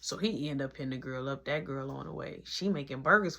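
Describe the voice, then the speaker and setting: A woman tells a long story in an animated, slangy way. Her pitch swings widely and her voice is gravelly and bright. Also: moderate pace. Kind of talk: storytime vlog.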